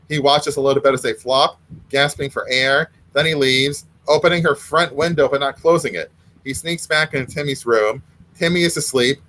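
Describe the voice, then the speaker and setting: A man's voice: medium pitch, a bit bright, rough recording. Man reading his story with wry asides. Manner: wry, self-mocking asides.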